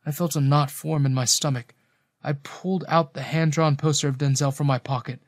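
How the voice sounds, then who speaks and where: A man's voice: a little high, steady tone, fairly quick, no echo, clean studio sound. A man narrating a romance story in the first person, earnest and dramatic.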